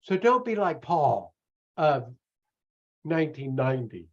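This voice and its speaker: A man coaching an audience in a loose live-streamed talk, animated and self-mocking, often slipping into other voices. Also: on the high side, a little slow, highs cut off. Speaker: online business coach.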